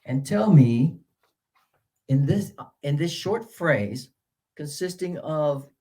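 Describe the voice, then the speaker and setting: A man giving a workshop lecture to English teachers on word stress. He talks in halting stretches full of uh and restarts, then swoops his pitch up to model stressed syllables. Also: animated, mellow. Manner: halting, with many uh fillers and restarts.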